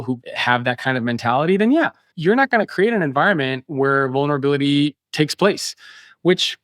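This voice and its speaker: Male author guest, mid pitch, animated explainer, dry studio sound. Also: no echo. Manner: animated, acts out quoted voices. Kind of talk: explanatory interview talk.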